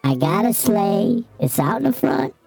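A woman's voice: a little high, sing-song, a little slow, vocal fry, dark tone, faint music behind, full character voice. A woman playing a small, laid-back male elf from the North Pole in an improvised comedy bit, talking in loose, broken slang. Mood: easygoing. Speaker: guest in character. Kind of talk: improvised comedy role-play.

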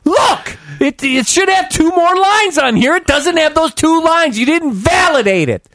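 A man voicing a curt, impatient parking booth attendant woman who lectures flatly. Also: very high voice, unhurried, no room sound, clean studio sound, pitched above the performer's own voice, full character voice. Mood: impatient lecturing.

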